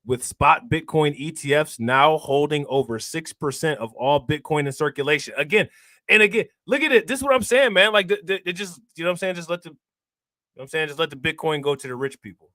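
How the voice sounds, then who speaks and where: A man chats on a livestream, slangy and joking, laughing often. His voice sits a bit high. The sound is dry and close, with no room around it. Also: fairly quick, bright, forceful tone, no echo. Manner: joking, laughing, slangy, repeats "you know what I'm saying". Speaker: crypto livestream host. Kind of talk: casual livestream chat.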